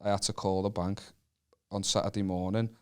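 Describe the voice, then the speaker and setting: A man's voice: on the low side, level tone, fairly quick, clear, resonant tone. A man with a Northern English accent, co-hosting a comedy podcast and telling sweary, self-mocking stories. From Northern England. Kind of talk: casual comedy podcast banter.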